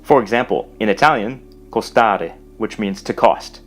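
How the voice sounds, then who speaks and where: A man narrating a scripted language lesson, explaining carefully and slowing down to pronounce example words. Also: lowish voice, soft background music. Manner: measured, explanatory, slows to pronounce foreign words. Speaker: language teacher.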